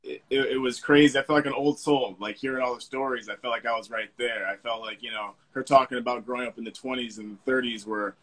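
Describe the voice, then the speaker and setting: A man being interviewed as a guest, speaking in a reflective, earnest and soft-spoken way. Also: medium pitch, steady tone, fast talker, few pauses, poor audio. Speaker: guest, fashion model. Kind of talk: casual interview.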